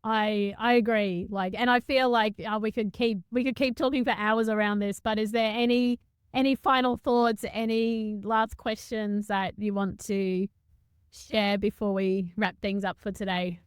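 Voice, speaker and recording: Woman host, smooth resonant voice, reflective spiritual chat, stops and restarts often. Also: medium pitch, steady tone, no echo, clean studio sound. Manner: halting, searching for words, lots of restarts. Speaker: podcast host. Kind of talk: reflective conversational podcast talk.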